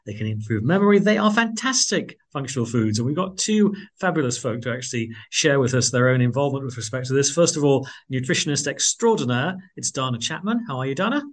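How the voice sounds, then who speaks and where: A man's voice: mid-range voice, animated, quick pace, few pauses. A man hosting a radio interview, effusive and full of fillers. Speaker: radio host.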